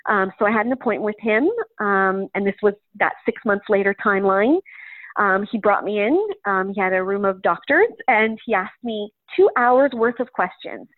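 A woman's voice: mid-range voice, normal speed, no echo. A woman guest in an interview, recounting a personal story in a chatty way with frequent "um" fillers. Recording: tinny phone-line sound, dry.

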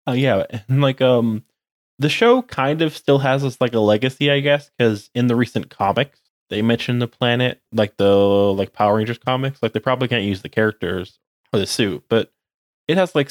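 A young man co-hosts a casual podcast, rambling along and leaning heavily on the word "like." His voice is lowish and moderately paced. The studio-quality recording has no room sound.

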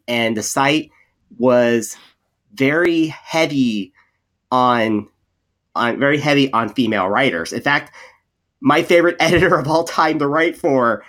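Male podcast co-host, everyday mid voice, animated rambling storyteller. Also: medium pitch. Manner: rambling, many restarts and repeated words; animated storyteller, acts out quoted people. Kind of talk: casual podcast chat.

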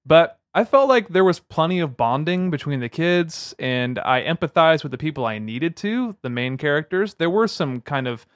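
Animated man chatting dryly, close-up. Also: a little high, normal speed, few pauses, no echo. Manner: animated, opinionated, playful asides. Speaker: podcast co-host. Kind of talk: casual film review chat.

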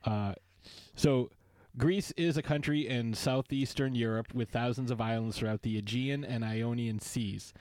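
Speaking unhurriedly in a medium-pitched, somewhat dark voice, this man hosts a podcast. The talk is casual and jokey, wandering off on playful tangents, and the sound has no echo.

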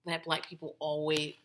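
Woman hosting a podcast, kinda low pitched but sharp and bright, rambles n swears a lot. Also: slight background noise. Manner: chatty, full of "like" and restarts, swears freely. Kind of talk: casual commentary.

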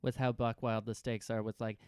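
A man's voice: medium pitch, level tone, a little fast, a little mellow, clear, resonant tone, dry recording, clean studio sound. A man co-hosting a casual podcast about a TV show, chiming in with jokey mock lines and then laying out his thoughts on the story. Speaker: podcast co-host.

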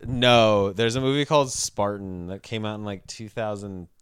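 A man's voice: fairly low pitch, normal speed, fairly bright tone, clean tone, no room sound, studio quality. A man co-hosting a podcast in laid-back casual chat, laughing often and swearing easily. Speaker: podcast co-host.

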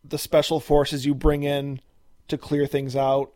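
A man's voice: a little high, monotone, unhurried, mellow. A man co-hosting a podcast, recapping a TV episode in casual chat with lots of fillers and restarts.

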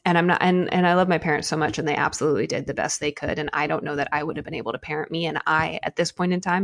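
A woman's voice: low-pitched, gravelly. A woman in casual chat, telling stories animatedly with vivid examples.

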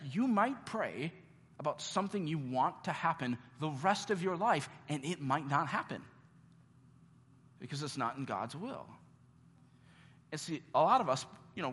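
A man preaching a sermon as pastor, earnest, with dramatic pauses and repeated questions. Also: high-pitched, a bit bright, slightly rough. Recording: long reverb of a large hall.

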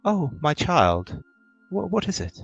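A man voicing an old motherly halfling woman servant, kindly and resigned, with a creaky voice. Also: a little high, huge pitch swings, slow pace, muffled recording, soft background music, pitched above the performer's own voice, heavily acted.

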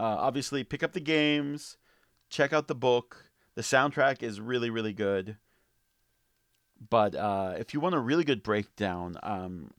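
Low, dry-sounding male podcast co-host, relaxed and chatty. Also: no room sound. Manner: easygoing, laughs often, many fillers. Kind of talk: casual podcast chat.

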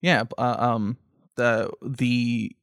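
Laughing, gushing podcast co-host. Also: male voice, mid-range voice, steady tone, slow pace, a bit bright, no room sound, clean studio sound. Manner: laughs often, emotional and gushing. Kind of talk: casual chat.

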